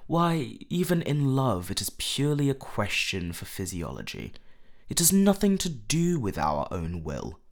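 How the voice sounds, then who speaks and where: A man voicing a languid, witty aristocratic gentleman with a drawling, epigrammatic manner. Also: on the low side, very animated, measured pace, gravelly, exaggerated voice.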